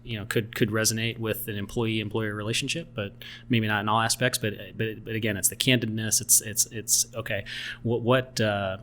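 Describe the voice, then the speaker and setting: A man's voice: fairly low pitch, flat delivery, moderate pace, a bit bright, a little hiss or hum. A man co-hosting a restaurant podcast in casual chat, rambling with many restarts and fillers. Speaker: podcast co-host.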